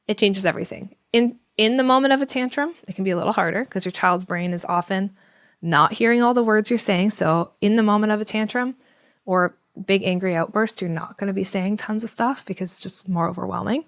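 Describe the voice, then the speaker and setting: Woman, thirties, parenting educator, podcast chat, soft soothing role-play of a parent, dry close sound. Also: mid-range voice, a little fast, no echo. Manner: acts out parent-child dialogues in a gentle soothing voice. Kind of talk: conversational podcast explanation.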